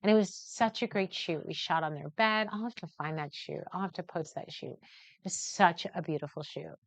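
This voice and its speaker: A middle-aged woman hosting a live newborn photography session, chatty and animated, acting out the people in her stories. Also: fairly low pitch, normal speed, creaky, dry recording. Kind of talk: lively storytelling while demonstrating a shoot. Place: photo studio during a live stream. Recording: slightly dull, muffled audio.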